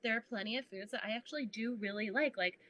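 Talking fast in a higher voice, a young woman guest keeps the podcast interview casual and lively, voicing her inner thoughts aloud and frequently laughing. The audio is poor, with some hiss or hum.

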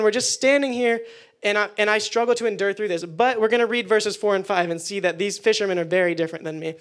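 A young man giving a casual youth sermon, animated and acting out quoted prayers. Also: high-pitched, fast. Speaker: youth pastor.

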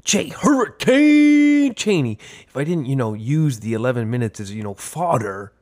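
A man's voice: medium pitch, fairly quick, a little mellow. Playful male teacher, podcast co-host, casual jokey chat. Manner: playful, jumps into silly voices.

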